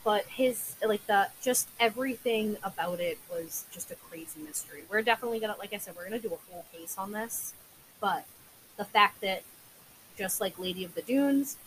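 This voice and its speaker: A woman's voice: medium pitch, animated, normal speed, fairly bright tone, a little hiss or hum, rough recording. Young woman recounting crime news casually. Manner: filler-heavy, recounting case details. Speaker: podcast co-host. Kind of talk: casual true crime chat.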